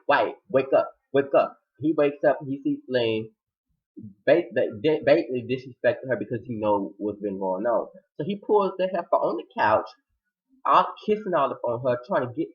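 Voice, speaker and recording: A man giving an animated recap of a TV episode, acting out the characters' lines with sudden high-pitched outbursts. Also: lo-fi sound. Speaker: TV episode reviewer.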